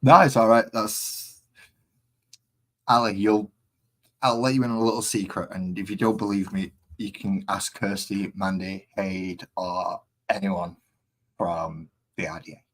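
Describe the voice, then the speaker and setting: A man's voice: sits low, level tone, a little slow. A man casually chatting on a live stream while painting models, rambling and easily distracted.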